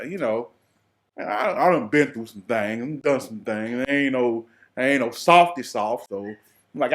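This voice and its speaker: Animated Southern man telling a story. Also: mid-range voice, moderate pace. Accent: Southern US, Atlanta. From American South. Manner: animated, dialect-heavy, playful exaggeration. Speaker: vlogger. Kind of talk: comic storytelling monologue.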